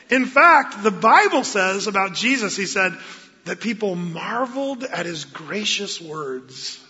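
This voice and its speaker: Male pastor, high bright voice, lively sermon with acted-out quotes, long hall echo, dull lo-fi sound. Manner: animated, acts out quotes in voices. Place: church sanctuary.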